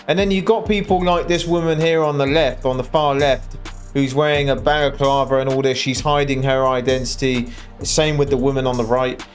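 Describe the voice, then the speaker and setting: Guy doing blunt mocking commentary over clips, slightly high voice, soft music under it. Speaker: commentary host. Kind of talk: reaction commentary.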